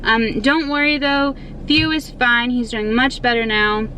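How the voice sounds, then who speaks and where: In her family vlog, a young mother talks to viewers in an unhurried, chatty way, drifting into loose asides. Her voice is on the high side, steady and sharp in tone. The audio is rough, carrying a little hiss or hum.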